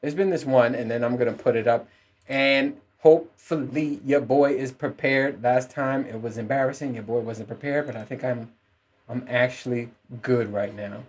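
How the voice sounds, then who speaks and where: An adult parent hosting a solo podcast rants casually in a steady, mid-range voice at a moderate pace. His delivery is full of swearing and rambling asides, with frequent laughs.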